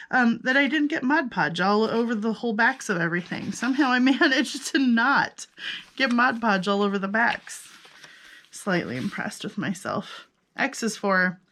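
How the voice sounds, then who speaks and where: A woman's voice: mid-range voice, bright, forceful tone, a little hiss or hum. A woman casually narrating a flip-through of her handmade journals, chatty and self-amused, thinking aloud as she goes.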